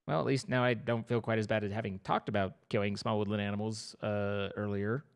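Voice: mid-range voice, steady tone, fairly quick, clean tone. A young adult streamer giving playful, rambling live commentary over a game, breaking into squeals of mock panic.

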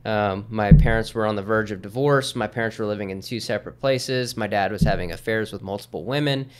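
Male guest, 30s, smooth resonant voice, relaxed rambling storyteller. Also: fairly low pitch, a little fast. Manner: easygoing, rambling, with many fillers. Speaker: podcast guest. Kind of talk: casual storytelling in conversation.

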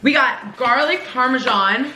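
Bright bubbly young woman vlogger. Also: sits high, a little slow. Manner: bubbly, chatty, laughing often. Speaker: vlogger host. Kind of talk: casual mukbang vlog chat. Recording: echoey room, faint noise.

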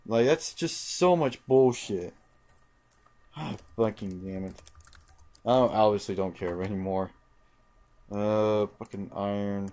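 A young man with a lowish, warm voice talks slowly over his own video game playthrough, pausing often. He mutters, sounds frustrated, and swears constantly. He hosts a gaming channel, and this is let's play commentary.

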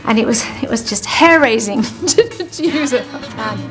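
An older woman being interviewed, reminiscing as a lively storyteller who laughs while she talks. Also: a little high, measured pace, faint music behind.

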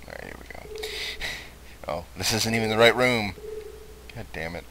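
A young man commentating on his own gameplay, cursing and shouting at the game. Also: fairly low pitch, normal speed, a little hiss or hum, low-quality recording. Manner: profane, excitable, shouts and curses at the game. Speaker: let's play host.

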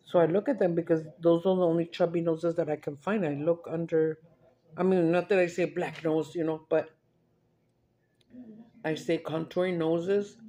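A woman's voice: lowish voice, steady tone, moderate pace, warm tone. A woman, chatting and rambling through stories while eating on camera, dropping in Spanish words. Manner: rambling chatty storyteller, mixes in Spanish, laughs often. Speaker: mukbang vlogger. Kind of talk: casual chat while eating.

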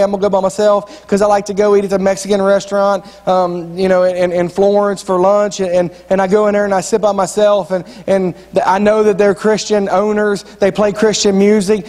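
A man's voice: sits high, a little mellow. A man preaching a sermon as pastor, telling folksy stories and repeating phrases for emphasis. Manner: folksy storytelling preacher, repeats phrases, drops into quoted voices. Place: church sanctuary. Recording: long church reverb.

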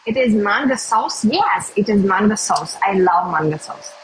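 A young woman from Russia with a Russian accent, chatting casually with viewers on a phone livestream in halting, simple English. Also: medium pitch, expressive, slight background noise, rough recording. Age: young adult. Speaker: livestream host.

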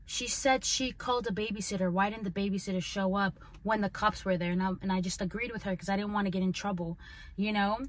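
An earnest woman recounts her own life story on her podcast, at an ordinary middle pitch. Her talk is loose and conversational, with plenty of "like" and "you know". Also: fairly even intonation, fast. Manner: earnest, conversational, full of "like" and "right?". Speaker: podcast host. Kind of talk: personal storytelling.

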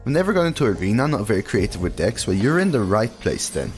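A male streamer talks through a digital card game in a relaxed, chatty way, his pitch bouncing up and down as he reacts. He answers his chat aloud between turns, with faint music running under his voice. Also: fast talker.

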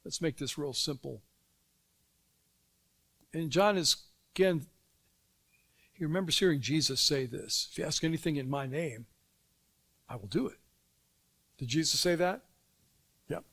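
High-voiced man preaching a sermon. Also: a little slow, vocal fry, long pauses, a bit bright. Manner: conversational, asks the congregation questions and answers them. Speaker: pastor. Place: church sanctuary.

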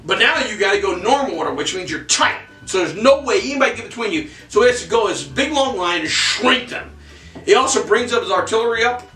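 High animated man telling history. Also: distant mic. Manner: profane, animated, vivid storytelling. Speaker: history podcast co-host. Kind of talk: casual storytelling chat. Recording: echoey room, off-mic, faint music.

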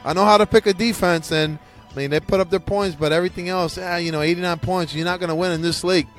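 A man's voice: high voice, steady tone, fast, soft background music. A man hosting a casual podcast, ranting in a rambling, profane way with frequent restarts. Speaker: podcast host.

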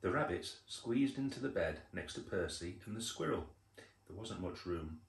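An older man reading a picture book aloud to children, unhurried, with chatty asides about the pictures. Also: low-pitched. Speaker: storyteller. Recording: roomy echo.

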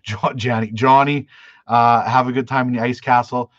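A man's voice: mid-range voice, little pitch movement, fairly quick, fairly bright tone, no echo. Canadian man, fishing-channel host, casual live chat, dry dull stream audio. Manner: rambling storytelling with restarts, answers chat questions. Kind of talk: live stream chat, reading viewer comments.

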